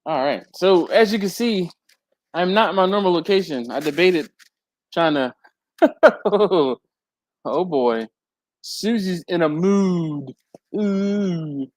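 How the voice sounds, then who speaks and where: A man's voice: slow pace, pauses often, no echo. A man hosting a casual livestream from a hot garage, chatting and reading viewer comments aloud, laughing often. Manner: chatty, laughs often, lively swings in pitch. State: hot and sweaty. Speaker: livestream host. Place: warm home garage with a fan and air handler.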